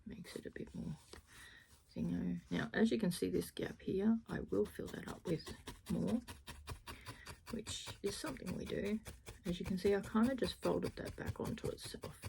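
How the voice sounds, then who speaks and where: A woman crafter chatting casually through a felting tutorial, self-deprecating, often dropping into a soft half-whisper. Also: mid-range voice, normal speed, gravelly, slight background noise, poor audio. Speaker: crafter demonstrating needle felting.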